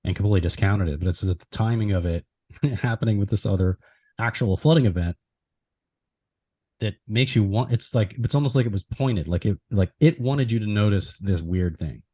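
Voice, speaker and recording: Male podcast host, very low voice, dry close recording, thoughtful interviewer. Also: normal speed, dark tone, husky, dry recording. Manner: thoughtful, musing reactions. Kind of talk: casual interview chat.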